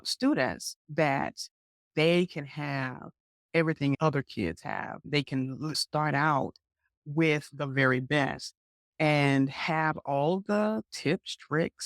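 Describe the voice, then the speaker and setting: A woman's voice: deep voice, no room sound, studio quality. A woman hosting a podcast, reflecting her guest's words back in an affirming conversational way. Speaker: podcast host. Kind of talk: interview conversation.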